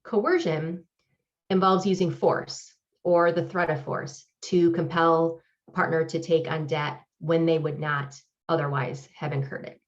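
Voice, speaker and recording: A woman professor giving an academic lecture with slides, explaining in a measured, deliberate way. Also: low-pitched, steady tone, muffled recording. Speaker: professor presenting research.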